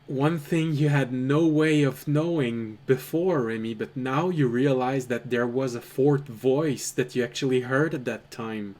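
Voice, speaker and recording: A man runs a tabletop game, narrating a scene in an unhurried, drawn-out way. His voice sits at an ordinary middle pitch, and his storytelling is measured and dramatic. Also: a little mellow. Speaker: game master.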